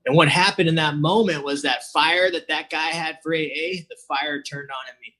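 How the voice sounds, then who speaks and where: A man's voice: a little high, fairly even intonation, moderate pace, pushed and bright. California guy on a video call telling his recovery story, casual, acts out the dialogue, lots of "you know". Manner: chatty, acts out quoted dialogue, says "you know" a lot. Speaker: recovery meeting speaker. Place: online meeting, at home. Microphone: computer mic on a video call.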